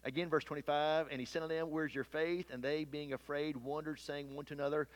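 A male preacher delivering a sermon in a voice pitched a little high for a man. He surges into loud, emphatic peaks, then drops into hushed, low asides, and reads the old scripture wording aloud with weight. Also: level tone, a little fast, few pauses.

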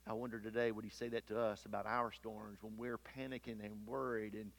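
A man preaching a sermon, swinging between loud emphatic peaks and hushed low asides, and reading scripture aloud. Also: little pitch movement, a little fast, creaky. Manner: reads scripture aloud in King James wording.

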